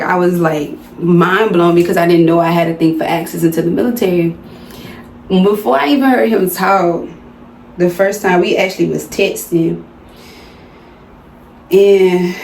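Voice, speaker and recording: A woman's voice: on the low side, a little mellow. Chatty Southern woman vlogging in a roomy space. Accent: Southern American. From Southern United States. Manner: chatty, slangy, addresses viewers as y'all. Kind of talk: casual chit-chat vlog. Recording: roomy home recording with faint background noise.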